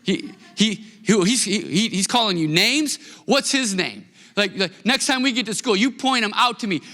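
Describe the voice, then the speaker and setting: A man's voice: high-pitched, lively intonation, moderate pace, bright, forceful tone, in a large hall, pitched above the performer's own voice. A man doing a fired-up protective ten-year-old boy. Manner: stammering, fired-up.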